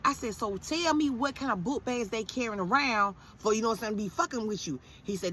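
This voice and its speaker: A woman in her thirties telling a casual, profane story, acting out everyone's lines in an animated way. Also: fairly high pitch, a little hiss or hum. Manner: animated, profane, quick to quote others.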